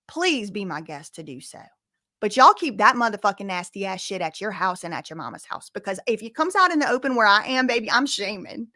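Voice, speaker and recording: A woman hosting a casual livestream commentary, reading out chat messages and reacting loudly, repeating phrases and exclaiming with disgust. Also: medium pitch, big pitch swings, normal speed, dry recording, clean studio sound.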